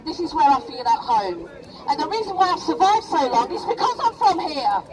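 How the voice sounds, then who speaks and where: Speaking at a street protest outdoors, this middle-aged Rochdale woman delivers an impassioned, emotional rallying speech, continually checking with the crowd with "yeah?". Her high, sing-song voice moves at a normal speed, and the distant crowd recording is very noisy.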